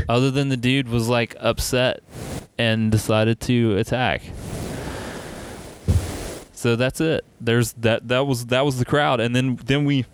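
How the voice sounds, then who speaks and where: A young man tells a story on a podcast in loose, animated chat, full of "like" and swearing. His voice sits at an ordinary middle pitch. Faint noise hums under the recording. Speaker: podcast co-host.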